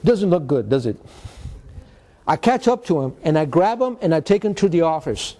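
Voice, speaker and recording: High, mellow older man. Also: moderate pace. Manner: animated, mixes in Spanish slang, acts out quotes. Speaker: motivational guest speaker. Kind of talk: storytelling talk to students.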